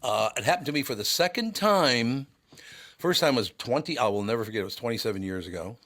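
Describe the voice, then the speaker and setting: A man's voice: medium pitch, expressive, fast talker, a bit bright. A man from Minneapolis hosting a radio talk show, telling stories in a chatty way and laughing easily. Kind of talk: casual talk show chat.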